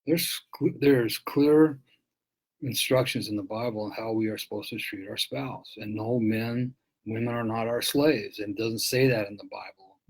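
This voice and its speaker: Earnest gravelly low-voiced man. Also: fairly even intonation, normal speed, rough recording. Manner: earnest, repeats and restarts words. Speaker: author and abuse-recovery speaker. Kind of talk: reflective spoken talk.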